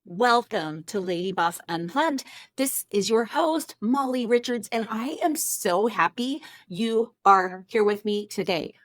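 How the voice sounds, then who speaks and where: A woman's voice: medium pitch, lively intonation, a little slow, a bit bright, no echo. A woman hosting a motivational podcast, talking in a gushing, effusive way with lots of exclamations and thanks to her listeners. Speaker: podcast host. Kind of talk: upbeat motivational podcast talk.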